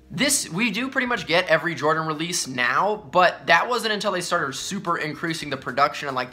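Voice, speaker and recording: A man's voice: fairly high pitch, sharp tone. A young man ranting casually on a sneaker vlog, profane and exasperated, acting out the people he quotes. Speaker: sneaker vlogger. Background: faint music.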